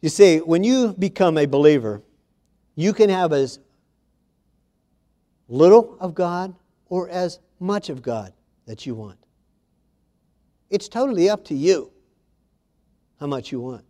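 A man preaching a sermon in a warm, mellow voice that sits a little higher than most. He speaks with emphasis, reading scripture aloud and addressing his congregation directly. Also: lively intonation, slow, pauses often.

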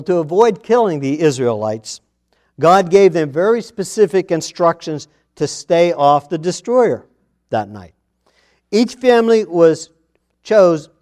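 A man preaching a sermon in an unhurried, deliberate way, with a voice that sits a little high for a man. He reads scripture with strong emphasis, then drops to quiet, hushed asides before rising again into loud, dramatic declaring. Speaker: pastor.

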